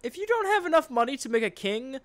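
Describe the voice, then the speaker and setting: A man's voice: very high voice, big pitch swings, quick pace, fairly bright tone, no room sound. Profane ranting man, dry close sound. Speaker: podcast co-host. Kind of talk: casual podcast chat.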